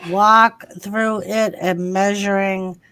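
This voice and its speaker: Slow-talking woman with a Massachusetts accent. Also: mid-range voice, level tone, bright, forceful tone, smooth. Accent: Massachusetts, Lowell. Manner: chatty, swears freely. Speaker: host. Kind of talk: casual livestream chat.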